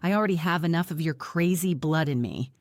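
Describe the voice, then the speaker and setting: A woman reading aloud, voicing an injured woman who speaks quietly and jokes through the pain. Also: low voice, fairly quick, no room sound, studio quality, lightly acted. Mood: weak teasing. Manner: quiet, joking under strain.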